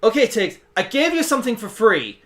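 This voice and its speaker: A man's voice: very high-pitched, very animated, brisk, a bit bright, voice pushed up, full character voice. A man voicing a shrewd, haggling shopkeeper bird in a tabletop game.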